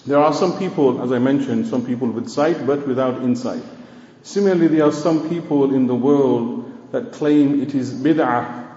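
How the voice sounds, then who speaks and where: A man preaching a sermon with emphatic, drawn-out words and rising exclamations. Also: mid-range voice, dark tone. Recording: dull, echoey hall.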